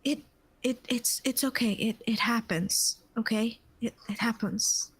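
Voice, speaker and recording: Woman doing a gentle, soothing young niece. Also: a little high, a little slow, breathy edge, no echo. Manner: soft, soothing, repetitive reassurance.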